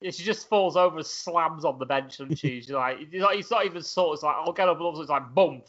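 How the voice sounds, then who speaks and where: A man's voice: a little high, a bit bright. A man chatting casually on a podcast, chiming in with short reactions and asides. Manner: short interjections and quick reactions. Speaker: podcast co-host. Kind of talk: casual chat. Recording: dull lo-fi audio.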